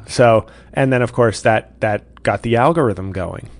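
Gravelly, sarcastic male comedian ranting. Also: medium pitch, unhurried, hardly any pauses. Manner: sarcastic, profane, frequent restarts. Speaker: comedian podcast host. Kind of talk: profane comedic rant.

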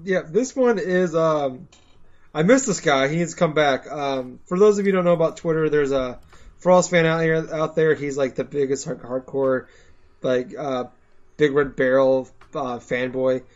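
A man's voice: a little high, moderate pace, dull audio. A man co-hosting a casual podcast, mocking things with sing-song repetition. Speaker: podcast co-host. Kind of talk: casual chat.

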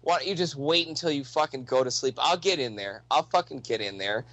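Man imitating a drunk belligerent neighbor, taunting, swearing, fast and hard-edged. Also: medium pitch, a bit bright, no echo, pitched below the performer's own voice, close to an everyday voice.

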